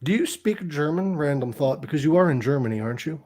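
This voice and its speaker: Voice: mid-range voice, lively intonation, quick pace, dark tone. A podcast host who chats casually, jokes around and swears freely. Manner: joking, swears freely, laughs a lot. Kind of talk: casual chat.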